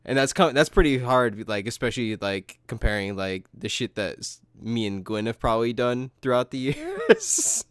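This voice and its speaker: A man's voice: medium pitch, huge pitch swings, normal speed, hardly any pauses, no room sound, studio quality. A man hosting a podcast in casual chat, swearing freely, laughing often and filling his talk with "like" and "dude". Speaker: podcast host.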